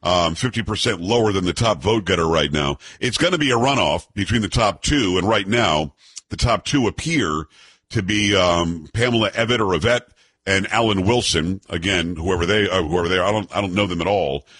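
A man's voice: deep voice, normal speed, a bit bright, husky. A man hosting a solo political commentary show, blunt and sarcastic, reading news items aloud and adding his own opinions.

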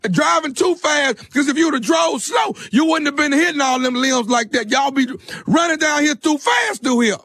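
A man putting on a shrill blubbering tree-mourner. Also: moderate pace, creaky, hardly any pauses, no room sound, clean studio sound, exaggerated voice. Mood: angry shouting. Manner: shouting, blubbering, confrontational. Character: distraught grown man grieving his mama's tree. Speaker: radio prank caller. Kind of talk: prank phone call.

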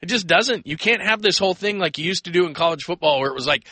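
An American man hosting a call-in sports radio show, talking in an energetic, rambling way and taking calls. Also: high voice, fast, husky, no room sound. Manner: energetic, rambling, acts out quoted voices.

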